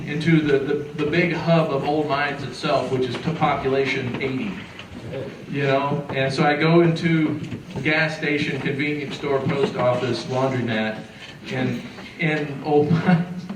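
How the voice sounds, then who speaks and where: A middle-aged man from southeastern Illinois telling a story to a live audience, acting out the quotes in a lively, folksy way. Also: fairly high pitch, background noise. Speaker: musician and folklorist. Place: lecture hall. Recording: echoey hall recorded from far off.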